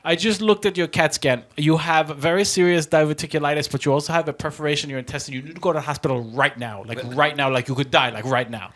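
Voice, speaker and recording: A man's voice: on the high side, fairly even intonation, fast, few pauses, a bit bright, close to an everyday voice. A man imitating a male doctor with a heavy Indian accent who sounds urgent and insistent.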